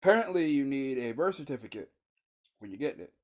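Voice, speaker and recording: A man's voice: mid-range voice, very animated, fast talker. A laid-back man co-hosting a podcast in casual chat, with hiccups, giving short agreeing replies and swearing casually. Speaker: podcast co-host.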